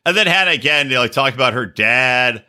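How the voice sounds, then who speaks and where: Bright, animated profane man. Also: fast. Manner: profane, animated storytelling with shrill mimicry. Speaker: podcast co-host. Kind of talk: crude casual chat, recapping a reality show.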